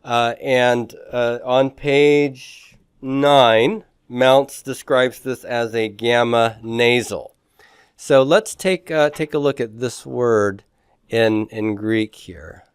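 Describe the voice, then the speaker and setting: Slow, clear-voiced man teaching Greek. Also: medium pitch, dry recording, clean studio sound. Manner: slow, repeats pronunciations, many fillers, quizzes the class. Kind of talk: classroom lecture.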